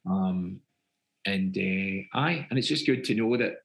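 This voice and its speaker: A man's voice: low voice, takes it slowly, creaky, poor audio. A Scottish man, a guest actor, chatting casually in a rambling way with plenty of fillers. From Scotland. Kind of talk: casual interview chat.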